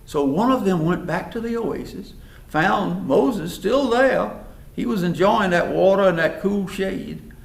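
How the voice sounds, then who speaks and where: Man, folksy storyteller, lively pitch, echoey room far from mic. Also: measured pace, creaky. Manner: animated, folksy, acts out voices. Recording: roomy hall, mic far off.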